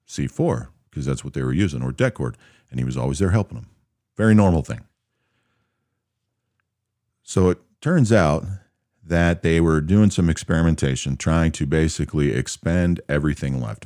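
A man casually telling an army anecdote in a relaxed, matter-of-fact way, acting out the soldiers he quotes. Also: rumbling low, no echo, clean studio sound. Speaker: storyteller recounting army anecdotes. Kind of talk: casual spoken storytelling.

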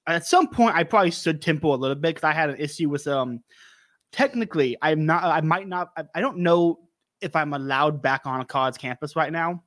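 A man's voice: a little high, animated, brisk, fairly bright tone, no echo, clean studio sound. A man in his twenties, a podcast guest, talking hesitantly and stammering in casual chat. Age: 20s.

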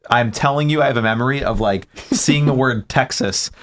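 A man's voice: mid-range voice, fairly quick. A man co-hosting a podcast, telling funny childhood stories in casual chat. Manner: storytelling, animated, laughs often. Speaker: podcast co-host.

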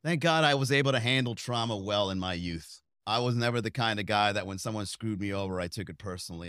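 A man's voice: lowish voice, quick pace, few pauses, a bit bright, clear, resonant tone, no room sound, studio quality. A man hosting a comedy podcast, riffing solo in a conversational way, asking the listener rhetorical questions and acting out quoted people in exaggerated voices.

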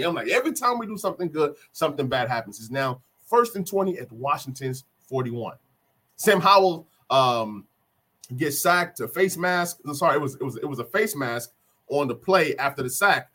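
A man with a fairly high, husky voice recaps a football game as a fired-up fan. He talks it through play by play and repeats the big moments for emphasis. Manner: animated, repeats key plays for emphasis. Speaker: sports fan vlogger.

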